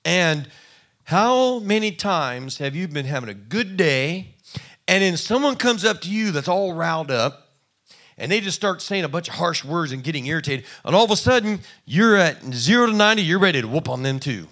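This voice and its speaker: A man's voice: fairly high pitch, animated, normal speed, fairly bright tone. A man preaching a sermon in a conversational, folksy way, acting out little quoted exchanges. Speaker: pastor.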